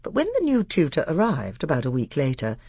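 A narrator reading a children's fantasy novel aloud in an expressive, animated storytelling manner. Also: mid-range voice, a little fast, slightly rough, dry recording, clean studio sound.

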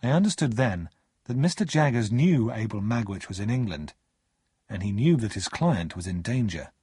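A man reading a story aloud as narrator, measured and expressive. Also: on the low side, husky, no room sound, studio quality.

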